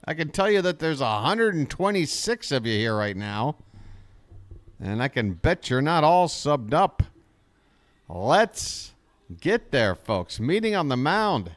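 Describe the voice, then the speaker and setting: Lively, animated fan play-by-play man. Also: on the high side, unhurried, no room sound. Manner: chatty, talks straight to his chat viewers; gets excited on big plays. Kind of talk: live fan play-by-play commentary.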